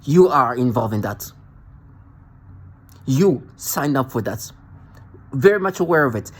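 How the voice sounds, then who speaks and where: A man's voice: mid-range voice, animated, a little slow, slightly rough. A man delivering an angry, accusatory monologue to the camera, ranting and repeating himself in a confrontational way. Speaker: vlogger.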